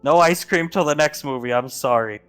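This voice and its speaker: A man's voice: moderate pace, a bit bright, clear, resonant tone, close to an everyday voice. A man voicing a frazzled female penguin vendor at a tabletop game table, with music playing behind. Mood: exasperated. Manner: shrill, exasperated outburst.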